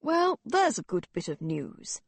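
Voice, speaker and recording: A woman voicing a drunken, mocking young Victorian gentleman who talks loudly and slurs his words. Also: medium pitch, huge pitch swings, unhurried, creaky, slightly rough, no room sound, heavily acted. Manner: loud, slurring, teasing.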